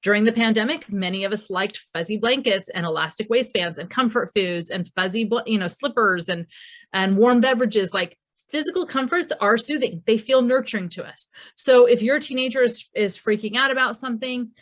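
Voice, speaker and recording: A woman's voice: on the high side, fairly quick. A woman presenting a recorded parenting masterclass in a conversational way, acting out quoted dialogue as she speaks.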